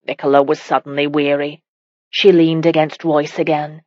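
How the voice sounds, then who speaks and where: Low-voiced woman narrating a romance. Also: flat delivery, normal speed, darkish tone, no room sound, highs cut off. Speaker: audiobook narrator.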